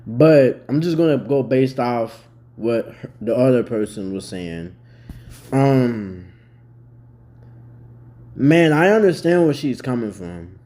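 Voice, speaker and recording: Blunt, cussing young man with a mellow voice. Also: mid-range voice, expressive, slow, long pauses. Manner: blunt, heavily profane, worked up. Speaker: vlogger reacting to a news story. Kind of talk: casual commentary.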